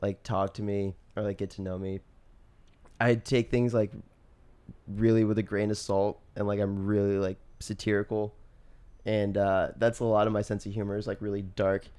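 A man's voice: fairly low pitch, little pitch movement, normal speed, dark tone, clean tone. A young man co-hosting a casual podcast chat, rambling with lots of fillers and restarts, laughing often. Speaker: podcast co-host.

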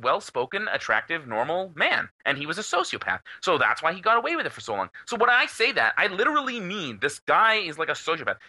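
A young man co-hosting a podcast, telling a story in a casual, animated way with plenty of swearing. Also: fairly high pitch. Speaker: podcast co-host. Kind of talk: casual chat.

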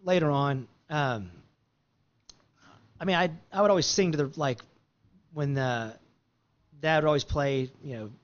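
A man's voice: a little high, a little slow, long pauses, lo-fi sound. A man telling a long story in a rambling, easygoing way, full of fillers and restarts. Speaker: guest musician. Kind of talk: casual storytelling.

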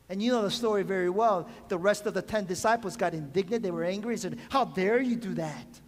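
Preaching fast with few pauses, this pastor has a high-pitched voice, and slight background noise is audible. The long hall reverb of the sanctuary carries his call-and-response questions and requests for amens.

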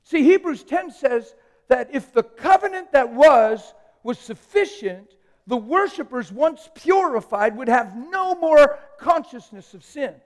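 A man with a very high voice preaches a live sermon, swinging between hushed, almost whispered asides and loud, emphatic declarations. He jokes easily with the congregation. His voice rings with the long reverb of a church hall. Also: expressive, a little slow.

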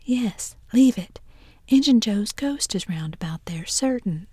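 A shaky, wary whispered role-play of a superstitious country boy, as a woman voices him. Breathy and mellow, heard close in a dry space. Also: a little high, expressive, a little slow, no echo. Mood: scared. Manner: shaky, wary whisper, drawling folksy speech. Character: superstitious, jittery boy, rough-mannered.

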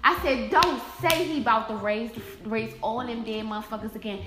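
A woman's voice: fairly high pitch, fairly quick, noisy background. A woman in casual chat, swearing freely and acting out what people said as she recaps a TV episode. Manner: profane, animated storyteller acting out quotes. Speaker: TV show fan in group chat. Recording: echoey room with loud music behind.

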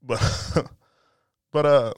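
A man rambling through a casual solo podcast, loose and jokey, with plenty of swearing. His voice sits at an ordinary middle pitch, and the recording is close and dry with no room sound. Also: fairly even intonation, drawn-out words, clear, resonant tone, no room sound. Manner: loose, joking, profane, rambling. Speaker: podcast host. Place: indoors by a window. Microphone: podcast mic.

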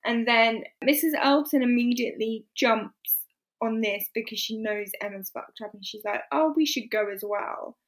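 A woman in casual chat, animated and laughing as she acts out characters' lines. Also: a little high, moderate pace, rough recording. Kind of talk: casual chat recapping a period drama.

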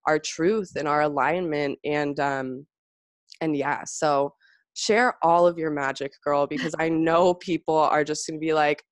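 Gushing podcast host woman, low voice. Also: fairly even intonation, measured pace, no echo. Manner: gushing, effusive, says "like" and "you guys" often. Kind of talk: casual podcast chat.

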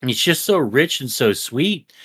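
A man's voice: medium pitch, very animated, measured pace, a bit bright. A young man, co-hosting a podcast in profane, mock-aggressive banter. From Texas. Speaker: podcast co-host. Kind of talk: casual chat.

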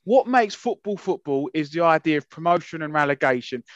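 A man's voice: on the high side, animated, fairly quick, no room sound. A man co-hosting a casual podcast, ranting with passion and indignation and swearing freely. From England. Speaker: podcast co-host. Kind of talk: heated casual podcast rant. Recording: dull lo-fi sound, dry.

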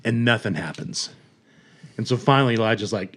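A man casually retelling a story on a podcast, animated, chuckling and acting out quotes. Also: on the low side, fairly quick, pauses often. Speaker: podcast host.

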